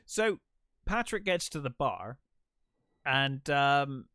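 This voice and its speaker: A man's voice: mid-range voice, very animated, slow, sharp tone, clear, resonant tone, no room sound. Man retelling a film scene, dry sound. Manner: retells scenes, quoting characters in passing. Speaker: podcast co-host. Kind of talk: casual film discussion.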